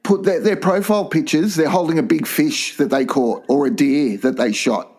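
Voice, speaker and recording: A man's voice: on the high side, normal speed, a little mellow. An older man co-hosting a crude comedy podcast, teasing and rambling with frequent laughs. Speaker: podcast co-host. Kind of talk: casual comedy podcast banter.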